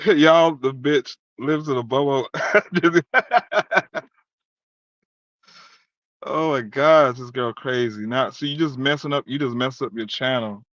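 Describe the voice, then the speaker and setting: A heated, exasperated man rants in profane casual commentary and reads chat messages aloud. His voice sits at an ordinary pitch. The sound is dull and lo-fi, with no room echo at all. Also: slow, pauses often, fairly bright tone. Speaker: streamer reacting to chat.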